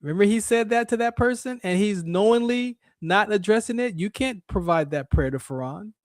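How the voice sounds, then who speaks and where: Guy putting on satan, sly accuser, keeps pointing out faults, voice pitched up high. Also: lively intonation, moderate pace, no echo, studio quality. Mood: accusing. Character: Satan, sly male accuser pleading to God.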